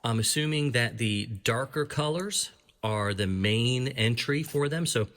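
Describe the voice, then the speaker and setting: A man's voice: medium pitch, measured pace, fairly bright tone. A man hosting his own channel, casually reviewing a book as he flips through it, reading entries aloud with small asides. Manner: chatty, reads entries aloud, small laughs. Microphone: camera framing his hands and a book.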